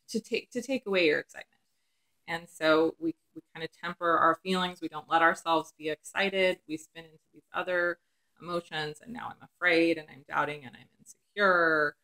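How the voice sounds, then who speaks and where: Lowish voiced therapist lady, middle aged, thinking out loud, lots of ums. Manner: reflective, with many "um" fillers. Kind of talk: casual talk to camera.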